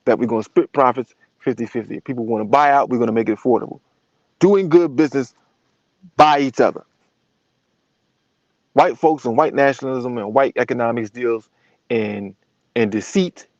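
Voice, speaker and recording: A man's voice: mid-range voice, darkish tone, dry recording. Blunt, profane man on a dull dry mic. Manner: blunt, profane, acts out quoted voices. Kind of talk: animated monologue to camera.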